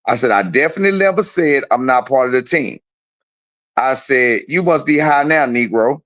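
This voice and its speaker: A man's voice: medium pitch, normal speed, fairly bright tone, dry recording. A man on a call-in show, telling a heated story in casual talk, profane and boastful.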